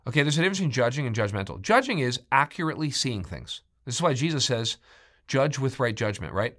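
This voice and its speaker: A middle-aged man preaching a sermon as pastor. He gets more animated, louder and higher when he quotes scripture or speaks for someone. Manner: animated, rising in pitch and volume when quoting scripture.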